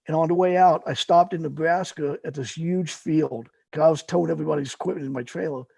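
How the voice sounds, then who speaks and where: Middle-aged man, casual storyteller, gravelly and husky, loose rambling delivery. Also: fairly high pitch, fairly even intonation, quick pace, mellow, dry recording. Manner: rambling, lots of fillers and restarts. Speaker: guest, paramotor fly-in organizer.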